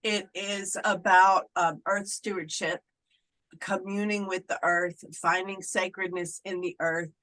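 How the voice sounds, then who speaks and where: A woman's voice: on the low side, steady tone, unhurried, bright, forceful tone, rough recording. A middle-aged woman, a Wiccan clergy member, talking casually in an interview and slipping into playful voices when she quotes people.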